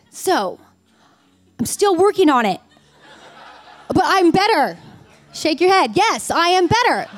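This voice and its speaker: A woman in her forties, a ministry leader, sharing a candid, expressive personal testimony in a sermon, full of "like" and "oh my gosh". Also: high-pitched, no room sound.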